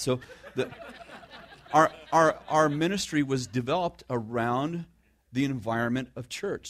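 A middle-aged man giving a conversational sermon to a live audience, joking about himself, restarting his sentences and asking the listeners questions. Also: medium pitch. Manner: self-deprecating humor, frequent restarts, asks the audience questions. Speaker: preacher.

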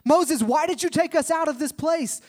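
Panicked Israelites cry out in a high, strained voice. They plead and accuse all at once, put on by a man in the middle of a sermon. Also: moderate pace. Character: panicked Israelites crying out in fear.

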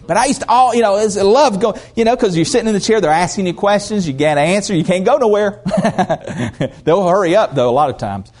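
Animated preacher man telling a story. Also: high-pitched, fairly quick. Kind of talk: sermon with personal story.

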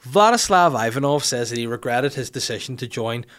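A man's voice: medium pitch, animated, a little fast, a bit bright. A young man hosting a podcast in a cheeky, rambling, sweary casual chat. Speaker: podcast host.

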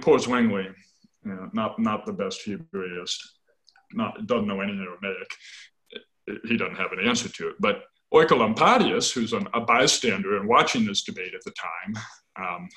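Animated man explaining scholarship. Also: on the low side, rough recording. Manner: animated, tags points with "right?"; scholarly, self-correcting. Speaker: biblical scholar guest. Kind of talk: conversational explanation.

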